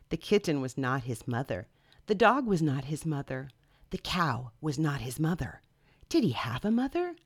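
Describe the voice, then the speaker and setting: A woman reading a children's picture book aloud in an expressive, sing-song way. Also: low voice, moderate pace, slightly rough, no room sound, clean studio sound. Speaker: storyteller.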